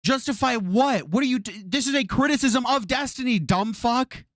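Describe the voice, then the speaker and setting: A man's voice: very high-pitched, normal speed, no room sound, studio quality. A man streaming live, reacting to a video with incredulous, exasperated commentary full of swearing.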